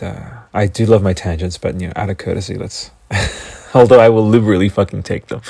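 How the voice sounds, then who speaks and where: An Australian man talks through a loose solo podcast, cursing as he chases one tangent after another. His voice sits very low with a gravelly, husky grain. The recording is dry and close, with no room sound. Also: dry recording. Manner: profane, excitable, goes off on tangents. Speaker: podcast host. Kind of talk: casual solo podcast rambling.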